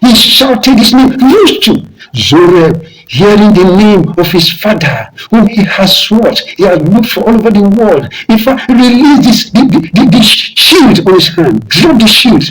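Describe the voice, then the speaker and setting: A man's voice: high voice, big pitch swings, unhurried, low-quality recording. A man telling an old story aloud, emphatic and repeating each phrase for effect. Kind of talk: oral storytelling.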